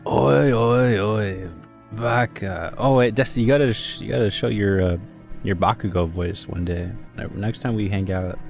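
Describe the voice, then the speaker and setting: A man's voice: lowish voice, vocal fry, a little mellow, faint music behind. A man streaming a game, chatting casually with a friend, joking around and laughing often. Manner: joking, giggly, quick to laugh. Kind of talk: casual chat between friends.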